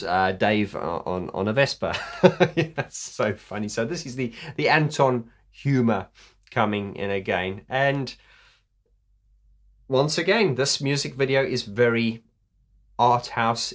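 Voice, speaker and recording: A man's voice: medium pitch, slow, fairly bright tone. A man hosting a casual video commentary, enthusiastic, laughing often, with many fillers. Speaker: host.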